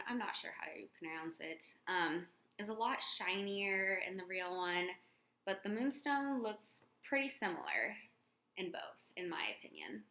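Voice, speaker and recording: A young woman in a casual beauty vlog, talking in a halting way with many fillers and restarts. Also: medium pitch, a bit bright. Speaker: beauty vlogger. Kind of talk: casual product comparison vlog. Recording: echoey room.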